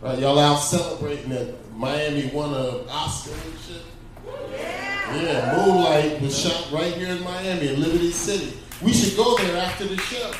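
A man's voice: fairly high pitch, moderate pace, noisy background. Bantering stand-up man in echoey club. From New Jersey. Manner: chatty, playful crowd banter. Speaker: stand-up comic. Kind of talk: stand-up routine. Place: comedy club stage. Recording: echoey club with loud crowd.

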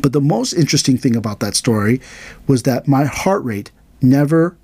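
An aikido teacher who hosts a podcast tells a story casually, getting animated and raising his voice when acting out what people said. He speaks at normal speed in a mid-range voice with a breathy edge, and there's no echo.

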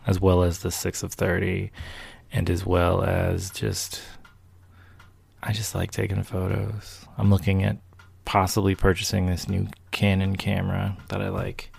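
A man's voice: low-pitched, vocal fry, a little mellow, slightly rough, dry recording. A man hosting his own podcast, rambling in a laid-back way, correcting himself and adding wry asides. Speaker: podcast host. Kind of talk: casual monologue to listeners.

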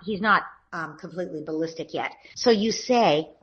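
A woman giving calm, step-by-step parenting advice in a podcast interview, often acting out gentle words to children. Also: on the low side, normal speed, slightly rough, muffled recording. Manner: calm, explanatory, acts out gentle parent dialogue. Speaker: parenting expert guest.

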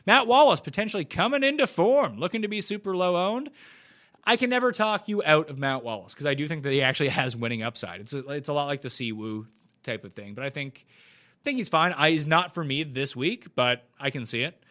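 Man, livestream host, casual Q&A, blunt quick answers, wisecracking, animated pitch.

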